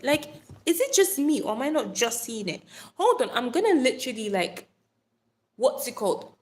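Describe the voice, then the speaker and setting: A woman's voice: sits high, sing-song, moderate pace. Bubbly young woman chatting on a phone livestream. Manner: bubbly, playful, swears casually, calls viewers darling. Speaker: live stream host. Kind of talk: chatty live stream talk to viewers. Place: Nigeria.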